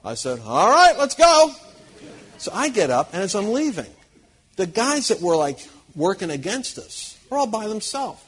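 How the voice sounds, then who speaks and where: Guy preaching, telling stories to the crowd, kinda husky, on the higher side, acts out the quotes. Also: moderate pace. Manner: animated anecdotes, acts out quotes, chuckles. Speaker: Christian conference speaker. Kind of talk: storytelling sermon to a live audience.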